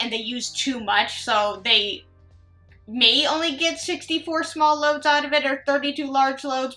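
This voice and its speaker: Young woman reacting to posts, sarcastic and chatty, kinda high sharp voice. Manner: chatty, sarcastic, rambling asides. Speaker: reaction video host. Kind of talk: casual reaction commentary reading posts aloud.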